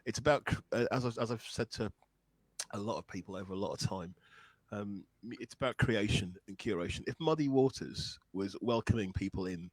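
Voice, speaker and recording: In a lowish voice and at a brisk clip, a man who writes songs and plays blues speaks earnestly as a guest, pausing to find the right words in a thoughtful conversation. The recording is rough and has no room sound.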